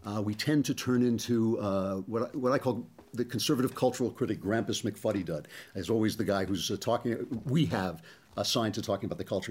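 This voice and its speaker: A middle-aged man hosting a podcast, talking in a casual, digressive commentary style full of small pauses and fillers. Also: fairly low pitch, darkish tone. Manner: conversational, digressive, frequent ums and uhs. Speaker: podcast host.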